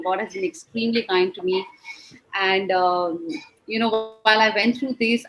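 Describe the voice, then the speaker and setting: A woman's voice: medium pitch, a bit bright, rough recording. A woman in her forties with an Indian English accent, speaking earnestly and emotionally as an interview guest, often saying "you know". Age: 40s. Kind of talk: heartfelt conversational interview.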